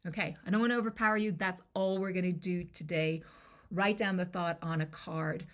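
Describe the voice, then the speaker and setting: A woman's voice: on the low side, fairly even intonation, brisk, fairly bright tone. A woman confidence coach teaching a lesson to camera in a conversational way, often checking in with the listener.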